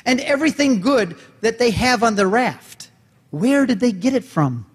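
A man giving an animated talk to a gathering, telling a story and acting out the dialogue with different voices. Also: extremely high pitch, moderate pace, breathy edge. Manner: dramatic, acts out dialogue with voices. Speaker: speaker and convert giving a talk. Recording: long hall reverb.

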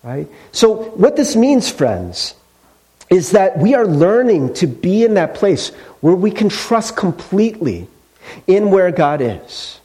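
A man's voice: high-pitched, sing-song, takes it slowly, mellow. A male pastor preaching a sermon in a conversational storytelling way, with casual fillers.

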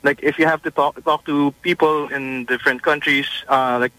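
A man calling in to a radio show to pitch an idea, hesitant and restarting often. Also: steady tone, moderate pace, bright, forceful tone, dry recording, rough recording. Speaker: caller.

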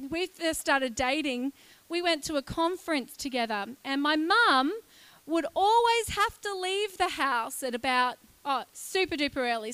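A woman, preaching a lively, chatty sermon in a church and joking with the congregation. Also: high voice, no echo. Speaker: guest preacher.

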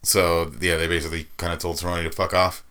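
A man's voice: low-pitched, level tone, fast talker, sharp tone, clean tone. A man co-hosting a podcast, telling loose stories with laughs and swearing in casual chat. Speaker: podcast co-host. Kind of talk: casual chat about fighting sports.

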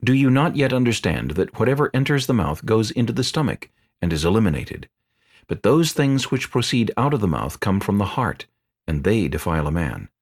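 A man reading as a calm, authoritative teacher. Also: lowish voice, a little fast. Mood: teaching. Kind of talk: dramatized scripture reading.

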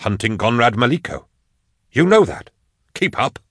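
A man's voice: mid-range voice, very animated, moderate pace, a bit bright, dry recording, studio quality, pitched above the performer's own voice. A man voicing a deluded, stubborn male ex-inquisitor in an audiobook, speaking with haughty indignation. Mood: haughty, indignant. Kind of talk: audiobook character voice.

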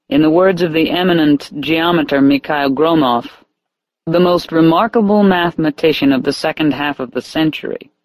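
A man reading an audiobook as narrator in a measured, even way. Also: fairly high pitch, no echo, rough recording. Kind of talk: scripted narration.

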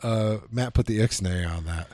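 A man's voice: on the low side, moderate pace, warm tone, dry recording, studio quality. Sarcastic joking American man. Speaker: podcast co-host. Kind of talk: casual chat.

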